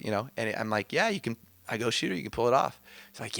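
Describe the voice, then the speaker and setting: A man teaching about inner healing in a casual, conversational way, telling animated stories and laughing often. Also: medium pitch, quick pace, vocal fry. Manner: animated storytelling, quotes others, laughs often.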